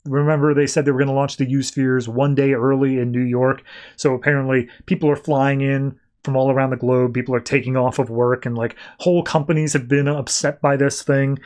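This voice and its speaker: A man's voice: medium pitch, little pitch movement, brisk, darkish tone. A man hosting a podcast, recapping and reviewing comics in a loose, rambling way, often quoting characters offhandedly. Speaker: podcast host.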